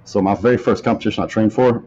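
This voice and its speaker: A man in his forties, a bodybuilder guest in an interview, telling stories in a relaxed drawl and acting out old conversations. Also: on the low side, quick pace. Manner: laid-back drawl, acts out dialogue. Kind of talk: casual storytelling. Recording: slightly muffled audio, faint background noise.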